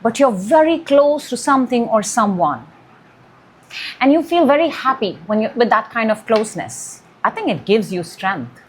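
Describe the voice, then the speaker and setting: A woman's voice: a little high, big pitch swings, moderate pace, a little hiss or hum. A woman giving a weekly tarot reading, musing and intuitive, drawing out key words. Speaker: tarot reader.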